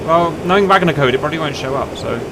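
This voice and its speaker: Man, fairly high voice, playful, excitable, gaming banter, noisy background hum. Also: fast talker. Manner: playful, exclaiming, self-mocking. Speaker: flight sim group member and video host. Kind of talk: joking gameplay banter.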